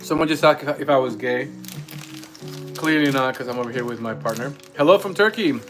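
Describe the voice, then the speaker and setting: A man's voice: mid-range voice, fairly quick, low-quality recording. A man whose first language is Spanish, co-hosting a casual live stream from a home kitchen and reading viewer comments aloud between bites. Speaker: livestream co-host. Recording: guitar music playing behind. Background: guitar music.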